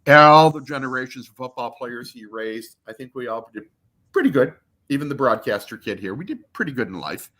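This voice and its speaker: A man in his fifties, a podcast interview guest, telling a long personal story, acting out quotes and swearing freely. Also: brisk. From Michigan. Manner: animated, acts out quotes with big pitch jumps.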